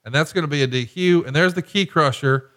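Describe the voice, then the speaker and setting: A man's voice: a little high, a little fast, a bit bright. A man hosting a casual podcast, joking and profane as he tells stories and calls wrestling action. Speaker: podcast host. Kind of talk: casual chat and wrestling commentary.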